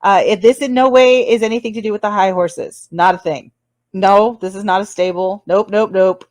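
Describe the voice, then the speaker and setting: A woman's voice: mid-range voice, fairly even intonation, moderate pace, darkish tone, no echo. A woman hosting a casual livestream chat, rambling and laughing often between apologetic asides. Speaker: livestream host.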